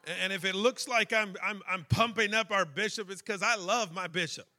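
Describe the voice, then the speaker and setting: A man preaching a sermon, emotional and personal, building to shouted fervor. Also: sits high, moderate pace.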